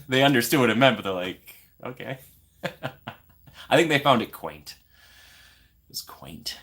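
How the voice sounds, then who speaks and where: An upbeat man chats casually on a live stream, greeting viewers by name and answering their questions. His voice sits a little low but sounds bright and forward, and he often lifts into a playful sing-song. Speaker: YouTube live stream host.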